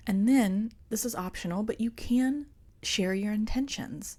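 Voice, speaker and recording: A woman hosting a solo podcast, talking in an earnest, confiding way and gently coaching her listeners. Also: medium pitch, normal speed. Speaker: podcast host. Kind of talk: reflective solo podcast talk.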